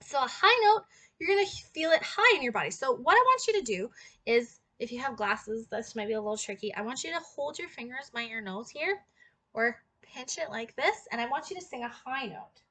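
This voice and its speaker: A young woman with a slightly higher-than-average voice teaches singing in a casual, chatty way. She stops now and then to sing short demonstration notes. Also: animated, normal speed, bright, forceful tone. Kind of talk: casual vocal lesson.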